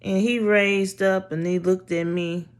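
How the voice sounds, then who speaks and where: Woman, casual storytelling, unhurried delivery, blunt, exasperated, swears freely. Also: mid-range voice, fairly even intonation.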